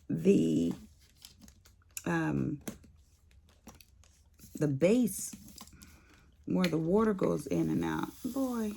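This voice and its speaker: An older woman vlogging to her viewers, telling a story in a folksy, animated way. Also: fairly low pitch, drawn-out words, gravelly, long pauses, slight background noise. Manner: animated storyteller, folksy Southern-style talk. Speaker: crafting vlogger. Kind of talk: casual chat to viewers.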